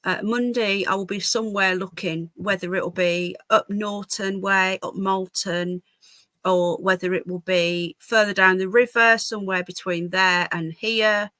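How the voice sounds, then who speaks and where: A woman's voice: mid-range voice, sharp tone, dry recording. A woman hosting a casual live stream from home, chatting to viewers and her dogs. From England. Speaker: livestream host. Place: home, indoors.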